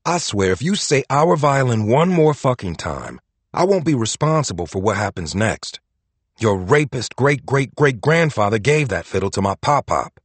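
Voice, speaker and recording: Angry young violinist guy yelling and cussing, husky, loud and lively, read by a man. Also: mid-range voice, normal speed, dry recording. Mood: furious. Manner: shouting, swearing. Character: young male violinist, furious and cornered.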